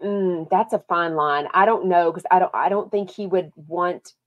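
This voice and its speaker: A woman's voice: fairly low pitch, moderate pace, highs cut off. A woman from Texas with a Texan accent, hosting a podcast and chatting casually about reality TV, reading viewer comments along the way. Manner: chatty, lively, reads viewer comments aloud. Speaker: podcast host. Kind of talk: casual chat.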